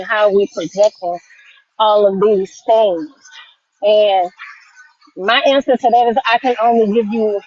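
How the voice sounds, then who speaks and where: A woman's voice: mid-range voice, darkish tone. A woman musing aloud as a podcast guest, rambling through her thoughts in a casual chat. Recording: muffled lo-fi audio.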